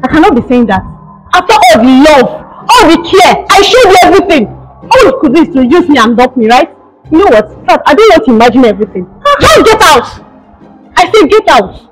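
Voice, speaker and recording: A woman's voice: high-pitched, sing-song, quick pace, recorded from a distance, rough recording. A woman playing a betrayed young woman who accuses and orders her lover out. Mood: furious. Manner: emotional, accusing. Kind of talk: amateur skit acting. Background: background music.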